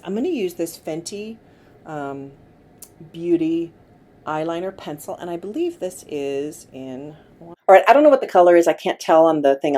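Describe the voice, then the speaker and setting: A middle-aged woman working as a makeup artist, giving gentle, coaxing instructions to a client during a tutorial. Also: on the low side. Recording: faint background noise.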